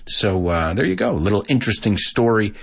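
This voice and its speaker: A man teaching English to Spanish speakers in a casual, animated show, acting out lines and then translating them. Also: lowish voice, fairly quick, gravelly. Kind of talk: bilingual language lesson, casual and animated.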